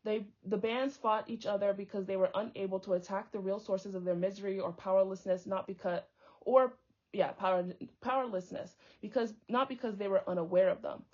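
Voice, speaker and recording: A young woman reads a book aloud, tripping over difficult words and wandering off into chatty tangents as she comments. Her voice is mid-range, fairly even and fairly quick, with a darkish tone, captured on dull lo-fi audio.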